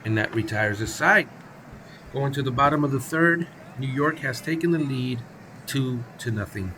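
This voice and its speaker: A man's voice: mid-range voice, lively intonation, moderate pace, bright, forceful tone, a little hiss or hum. A man calling play-by-play for a simulated baseball game on his own, casual and chatty, with asides and self-corrections. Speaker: play-by-play commentator.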